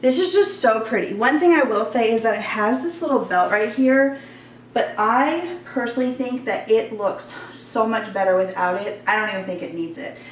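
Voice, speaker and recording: A woman's voice: fairly high pitch, normal speed, a little hiss or hum. Breathless, gushing woman. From Georgia, US Southern. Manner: chatty, gushing, many "like" fillers. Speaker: fashion vlogger. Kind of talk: casual try-on haul chat. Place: warm bedroom at home. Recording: echoey room, voice a bit far off.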